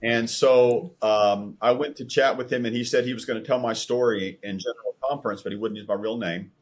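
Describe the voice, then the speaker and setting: Husky man telling a story. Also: mid-range voice, brisk. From Texas. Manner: animated storyteller acting out quoted dialogue. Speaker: guest telling his conversion story. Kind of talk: storytelling interview.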